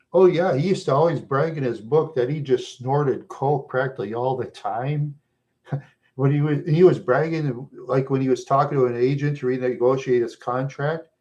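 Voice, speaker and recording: A middle-aged man from Minnesota with a rough voice worn by smoking, chatting loosely with viewers and often chuckling as he rambles through stories. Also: medium pitch, darkish tone, highs cut off. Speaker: livestream host chatting with viewers. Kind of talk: casual rambling chat.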